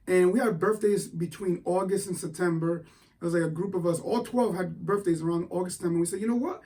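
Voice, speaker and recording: A man giving a motivational talk, telling a story in an animated, excitable way with frequent restarts. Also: high-pitched, distant mic. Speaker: motivational speaker.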